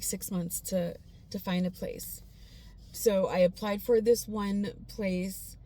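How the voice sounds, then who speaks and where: A woman sharing her personal faith testimony in a casual, earnest, heartfelt way, pausing often with fillers. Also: medium pitch, darkish tone.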